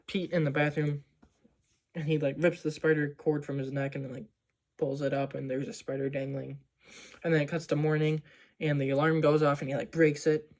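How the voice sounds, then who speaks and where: A man's voice: on the high side, a little mellow. A man casually recapping a movie scene by scene, rambling with lots of "like" and "um". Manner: rambling, full of "like" and "um". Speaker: movie vlogger.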